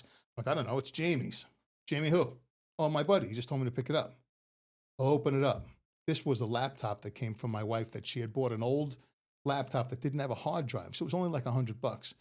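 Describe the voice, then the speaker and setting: A middle-aged man, a retired police officer, telling stories in a casual, animated way and laughing often. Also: medium pitch. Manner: animated, laughing often, acts out quoted voices. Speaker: podcast guest. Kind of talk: casual storytelling.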